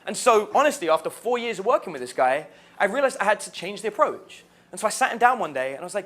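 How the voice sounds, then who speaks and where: Male dating coach, higher voice, lively storyteller. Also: fast. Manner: animated, laughs while telling anecdotes. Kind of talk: storytelling to camera.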